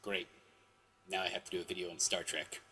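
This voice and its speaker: A man's voice: low-pitched, flat delivery, fairly quick, bright, forceful tone, slight background noise. A man hosting his own video show, telling stories in a rambling, self-correcting way with sudden exclamations. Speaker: vlog host. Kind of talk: casual storytelling monologue.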